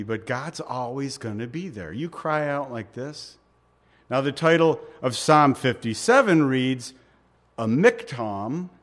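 Animated male preacher. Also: a little high. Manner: animated preaching, acts out voices of David and God, chuckles. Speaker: pastor. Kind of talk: sermon.

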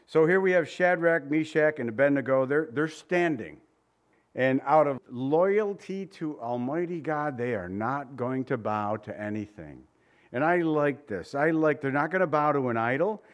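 A man preaching a sermon, retelling old scripture passages in a relaxed, joking way with voiced asides. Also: fairly high pitch. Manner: reads old-fashioned scripture passages aloud.

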